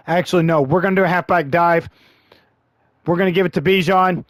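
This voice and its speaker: A man narrates his own football video game in a fairly high voice, audibly frustrated and sighing between plays. His voice is wearing thin from long talking. The recording is close and dry. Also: fairly even intonation, fairly quick, pauses often, no room sound. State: losing his voice. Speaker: gaming channel host. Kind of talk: live gameplay commentary.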